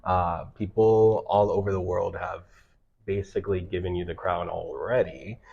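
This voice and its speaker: Lowish guy hosting an interview, friendly, kinda dull lo-fi audio. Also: gravelly, a little mellow, slightly rough. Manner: friendly, halting questions with fillers. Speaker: interview host. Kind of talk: casual interview.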